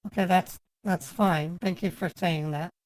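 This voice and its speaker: A man's voice: high voice, steady tone, a little slow, no room sound, rough recording. A man doing a fussy, chatty lady caller. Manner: chatty, nitpicking, mock-flirtatious. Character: fussy, prim 36-year-old woman customer. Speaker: scambaiter. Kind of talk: prank phone call role-play.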